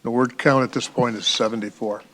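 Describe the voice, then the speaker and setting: A man's voice: mid-range voice, fairly even intonation, brisk, fairly bright tone, a little hiss or hum. A man chairing a public board meeting, reading formal text aloud and addressing speakers courteously.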